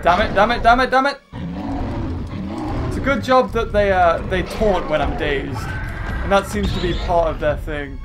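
Excitable man with a high voice. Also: normal speed, pauses often. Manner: excitable, yells and swears at the game. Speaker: gaming channel host. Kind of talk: let's play commentary. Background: video game music.

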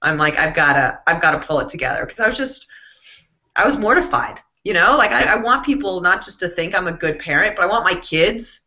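A woman's voice: medium pitch, brisk. A woman in her thirties, a guest author telling funny, self-mocking stories in a casual interview. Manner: animated, self-mocking storyteller. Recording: dull lo-fi sound.

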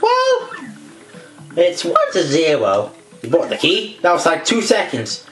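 Man, casual gameplay commentary, joking, very lively pitch, echoey room, game music. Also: unhurried. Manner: joking, rambling, animated.

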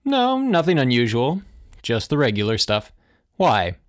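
A man's voice: mid-range voice, huge pitch swings, unhurried. A man voicing a cheerful, boisterous husband who is secretly an alien impostor, in an audiobook. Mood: breezy. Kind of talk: audiobook character voice.

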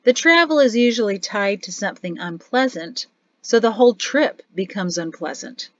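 A woman's voice: medium pitch, animated, normal speed, a bit bright, dry recording, pitched above the performer's own voice, close to an everyday voice. A woman narrator voicing a weary, rueful father who talks in a sad, grumbling way, in a storybook reading. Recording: dry, slightly dull studio audio.

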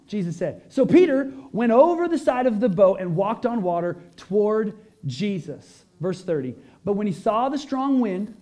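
A man's voice: high voice, sing-song, normal speed, dark tone. A male pastor preaching a conversational sermon to a congregation, full of rhetorical questions and emphatic peaks.

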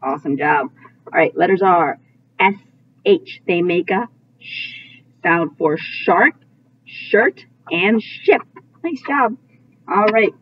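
A woman teaching a phonics lesson to young children, slowly modeling each sound and praising often. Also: on the low side, slight background noise. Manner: slow, drawn-out sound modeling with frequent praise. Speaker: kindergarten teacher. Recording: tinny phone-like audio.

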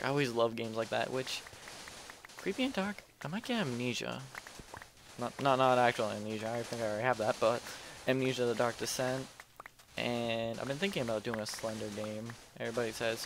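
A man's voice: mid-range voice, normal speed, background noise. A young man casually commentating his gameplay at home, rambling, joking and muttering to himself as he plays. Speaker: let's play host. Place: home room at night.

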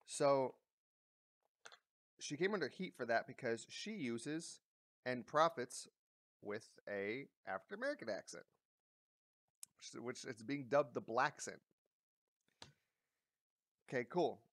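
Man, blunt ranting commentator, swears freely, lots of ums and restarts, dry close sound, mid pitch. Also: very animated, takes it slowly, pauses often, fairly bright tone, dry recording. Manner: blunt, profane, full of fillers and restarts. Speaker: commentary vlogger.

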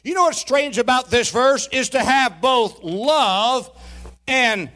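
A man's voice: very high-pitched, slow. A man preaching a sermon in a church, calling for responses from the congregation and throwing in folksy, humorous asides. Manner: preaching with shouted peaks and call-and-response. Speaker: pastor. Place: church sanctuary.

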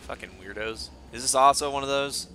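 A man commenting on his own gameplay, excitable and joking, swearing often and taunting the enemies. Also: mid-range voice, brisk, a little hiss or hum. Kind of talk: let's play commentary.

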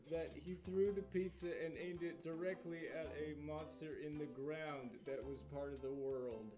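A man with a slightly high voice tells a silly improvised tale at an unhurried pace, laughing and halting as he goes. Music plays clearly behind him. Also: a little mellow. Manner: laughing, halting with many uh fillers. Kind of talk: playful improvised storytelling.

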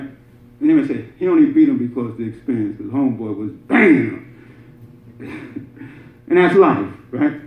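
A man giving a Friday sermon in a conversational way, with laughing asides and shouted emphasis. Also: mid-range voice. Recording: echoey muffled room recording.

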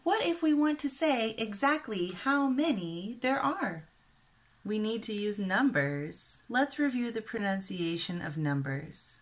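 A woman from Kansas with a Midwestern American accent, giving a careful, clearly enunciated English lesson for beginners. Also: medium pitch, lively intonation, measured pace. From Kansas, USA. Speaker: English teacher. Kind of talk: slow scripted ESL lesson.

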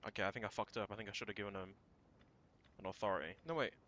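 A man thinking aloud through a strategy game, casual and prone to swearing and sudden shouts. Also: fairly low pitch, fairly even intonation, very fast, dull audio, slight background noise. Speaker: let's play gamer. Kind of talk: casual gameplay commentary.

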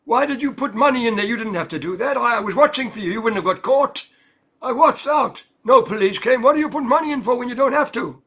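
A man voicing an angry old shopkeeper who insists he is a churchgoer, protesting loudly. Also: sits high, animated, moderate pace, slightly rough, exaggerated voice. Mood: indignant.

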